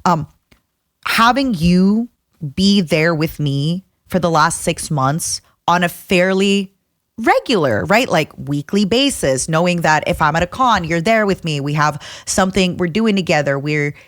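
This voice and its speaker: A woman co-hosting a podcast, chatting casually and speaking in a heartfelt, halting way while tearful. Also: lowish voice, expressive, no echo, studio quality. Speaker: podcast co-host. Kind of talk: casual chat.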